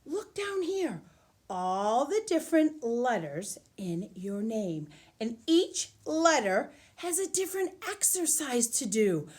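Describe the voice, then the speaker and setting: A preschool teacher, a woman, talks to little children through a camera with a high, bouncing voice that leaps up and down. She takes her time, counting aloud and cheering in a sing-song way. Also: big pitch swings, slow, darkish tone. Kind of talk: animated online lesson for small children.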